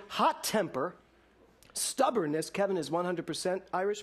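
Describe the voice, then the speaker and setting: A male minister giving a sermon in a lively storytelling way, mixing laughter and rhetorical questions for his congregation. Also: sits high, normal speed, breathy edge.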